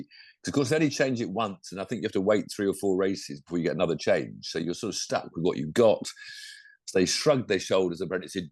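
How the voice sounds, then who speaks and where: A man's voice: sits low, animated, quick pace, breathy edge, no echo, studio quality. A man co-hosting a podcast, chatting casually about motorsport in a rambling, self-correcting way. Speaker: podcast co-host.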